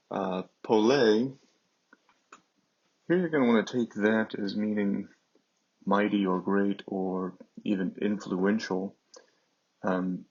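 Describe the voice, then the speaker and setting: A man teaching a classics lesson, speaking slowly and haltingly over on-screen text, with many fillers. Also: lowish voice, husky, highs cut off.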